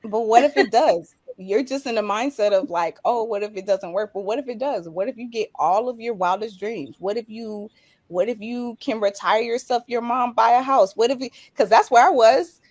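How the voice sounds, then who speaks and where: A woman's voice: fairly high pitch, normal speed, darkish tone, dry recording. A woman guest talking in a passionate, motivational way about her own journey, voice rising with emotion. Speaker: guest, business coach. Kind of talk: casual interview chat.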